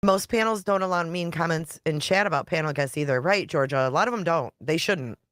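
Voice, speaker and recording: Woman, YouTube livestreamer, casual chat, blunt, fairly low voice, dry close sound. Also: brisk, fairly bright tone, no echo. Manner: chatty, laughs often, swears casually. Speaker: YouTube creator live-streaming. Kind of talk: casual live-stream chat reading comments.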